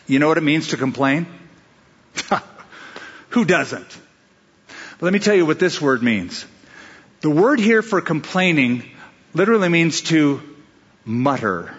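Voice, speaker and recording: A man's voice: fairly high pitch, fairly bright tone, slightly rough. A male pastor giving a conversational sermon, asking his listeners questions and acting out little asides. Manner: conversational preaching with rhetorical questions and acted-out asides. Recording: dull sound with long hall reverb.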